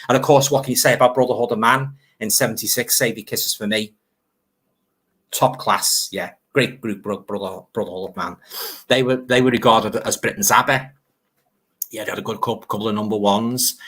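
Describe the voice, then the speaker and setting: A man's voice: medium pitch, a bit bright. Chatty older man hosting a stream. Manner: chatty, nostalgic, laughs easily. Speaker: live stream host. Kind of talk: casual chat reading viewer comments.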